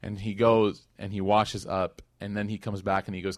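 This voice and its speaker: A man's voice: on the low side, flat delivery, a little fast, few pauses, dry recording, studio quality. A man teaching a religious class in a casual, conversational way, full of fillers, who acts out the quotes as he retells the story. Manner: conversational, with many fillers and restarts.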